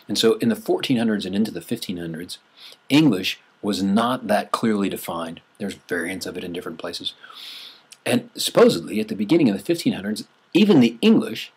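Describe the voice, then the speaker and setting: Husky male teacher lecturing casually. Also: fairly low pitch. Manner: conversational, repeats and restarts phrases, rising emphasis on numbers. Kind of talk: classroom lecture.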